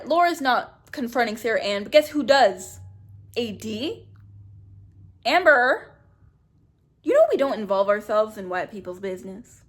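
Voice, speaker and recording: A woman in casual commentary, blunt and gossipy, tossing off sarcastic remarks. Her voice sits a little high for a woman. She talks like a YouTuber reviewing a reality show. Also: a bit bright.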